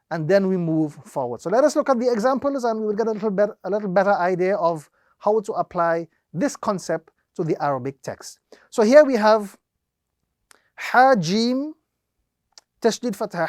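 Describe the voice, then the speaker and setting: A man teaching Quran recitation, explaining each rule slowly and step by step, drawing out the example words and repeating the steps methodically. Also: sits high, darkish tone, dry recording, clean studio sound. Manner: slow, deliberate explanation with drawn-out demonstrations. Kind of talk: instructional lesson.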